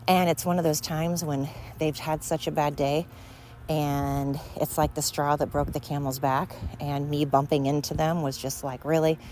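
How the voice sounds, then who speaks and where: A woman's voice: deep voice, level tone, moderate pace, darkish tone, low-quality recording. A woman hosting a casual solo podcast while out walking, a bit out of breath, rambling with many fillers and asides. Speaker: podcast host. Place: outdoors in a neighborhood. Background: leaf blower and street noise.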